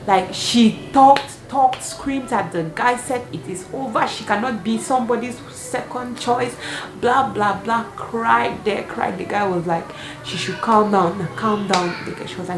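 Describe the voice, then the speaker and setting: A woman's voice: mid-range voice, moderate pace. A woman vlogger telling a story in a casual storytime style, laughing often and acting out the dialogue. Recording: echoey room with clear background noise.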